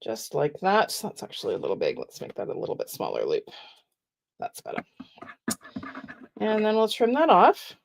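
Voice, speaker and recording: A middle-aged woman giving a chatty, step-by-step live craft tutorial with soft asides. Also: medium pitch, huge pitch swings, normal speed, vocal fry, pauses often. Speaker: card-making demonstrator.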